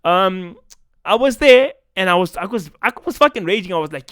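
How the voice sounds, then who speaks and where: A man's voice: high-pitched, expressive, moderate pace, fairly bright tone, clear, resonant tone, no room sound, studio quality. A young South African man with a South African accent, ranting in a profane, casual-slang commentary vlog. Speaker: esports commentator.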